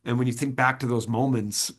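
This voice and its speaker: A man being interviewed, an earnest performer who tells stories with many halting restarts. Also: mid-range voice, fairly even intonation. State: choked up. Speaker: interview guest, sword swallower and performer. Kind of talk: reflective interview answers.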